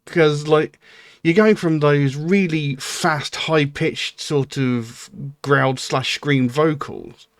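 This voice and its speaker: A man's voice: on the high side, slow pace, dry recording, clean studio sound. A middle-aged man, giving casual reaction commentary on a music video in a rambling, candid way. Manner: rambling and candid, with frequent um and you know. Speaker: music reaction channel host.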